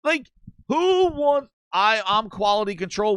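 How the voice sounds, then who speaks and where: An excitable man hosting a gaming show. His voice is high and bright, and it swings wildly in pitch as he jokes and swears. The recording is close and dry. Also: measured pace, dry recording. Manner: excitable, profane, joking. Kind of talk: casual comedic chat.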